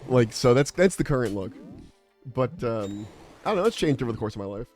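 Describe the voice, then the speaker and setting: A man's voice: mid-range voice, animated, brisk, darkish tone, faint music behind. A young adult man streaming, chatting casually in a rambling, exasperated, profane way. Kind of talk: casual livestream chat.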